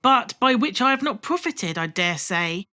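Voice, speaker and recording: A woman voicing a cheerful, warm-hearted young man who speaks brightly and eagerly in a storybook reading. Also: medium pitch, expressive, moderate pace. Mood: earnest.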